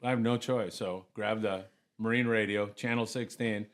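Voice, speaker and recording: A middle-aged man casually telling lively anecdotes, often acting out other people's voices. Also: on the low side, moderate pace. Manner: animated anecdotes, acts out voices. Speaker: guest. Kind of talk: casual storytelling.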